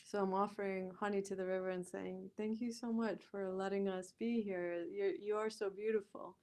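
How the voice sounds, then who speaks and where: A woman telling a personal story as a podcast guest, animated, laughing often and acting out the voices she quotes. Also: medium pitch, moderate pace. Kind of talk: storytelling in a conversational interview.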